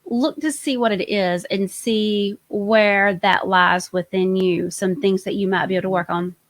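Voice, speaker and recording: A woman's voice: medium pitch, fairly even intonation, unhurried. A woman hosting a live-stream tarot reading, chatty and enthusiastic, often trailing off and restarting her sentences. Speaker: host, tarot reader.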